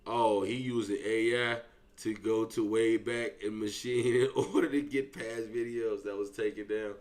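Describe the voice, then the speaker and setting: A man's voice: fairly low pitch, steady tone, moderate pace, darkish tone. A young man giving loose, profane reaction commentary and talking straight to his viewers. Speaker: reaction streamer.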